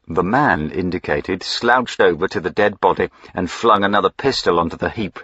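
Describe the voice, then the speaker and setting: A man narrating a historical novel as an audiobook in a measured, even storytelling manner. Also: deep voice, breathy edge, no room sound, highs cut off.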